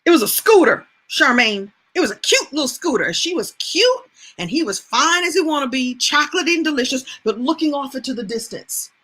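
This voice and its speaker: A woman host telling a personal story in a chatty, animated way. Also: high voice, a little fast. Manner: animated, chatty, laughs as she tells. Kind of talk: casual storytelling monologue.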